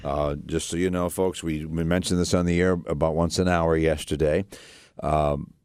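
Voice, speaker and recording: A man's voice: extremely low pitch, fairly even intonation, moderate pace, a little mellow, smooth, dry recording, clean studio sound. A man hosting a radio talk show, speaking earnestly in a rambling way, with many restarts and fillers.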